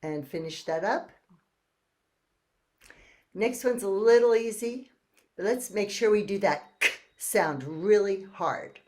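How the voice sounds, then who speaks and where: A woman leading a therapy choir on a video call, giving slow, clear, encouraging instructions for speech and breathing exercises. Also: mid-range voice, darkish tone.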